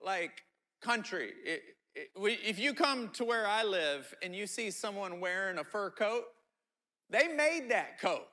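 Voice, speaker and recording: A man preaching a sermon as pastor, telling animated stories and often repeating his words. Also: high-pitched, a little slow.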